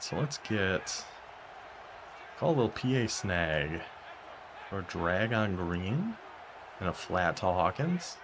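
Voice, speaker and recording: A young man commentating his own football video game as he plays, talking to himself and reacting with sudden excitement and frustration. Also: deep voice, noisy background. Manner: talks to himself while playing, quick bursts of excitement and frustration. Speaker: gaming YouTuber. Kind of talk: live gameplay commentary.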